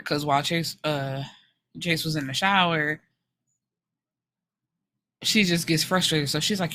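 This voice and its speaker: A woman with a bright, forward tone talks through a novel's plot on her book podcast. She is animated and frank, drops into the characters' lines as she tells it, and swears casually along the way. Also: fairly low pitch, slight background noise. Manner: animated storytelling, slips into character quotes.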